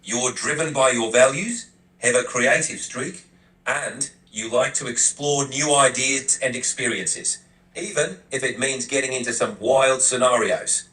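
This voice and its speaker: A man's voice: medium pitch, unhurried, bright, forceful tone, echoey room, far from the mic, rough recording. A male text-to-speech voice putting on an Australian accent, playing a cheery bloke giving a breezy, friendly read of someone. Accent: Australian (put on).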